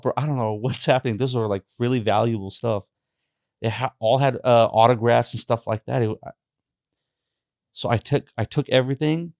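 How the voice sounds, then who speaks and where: Halting young man telling his testimony. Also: mid-range voice, no room sound, studio quality. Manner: halting, repeats words, many fillers. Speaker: podcast guest. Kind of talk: personal faith testimony.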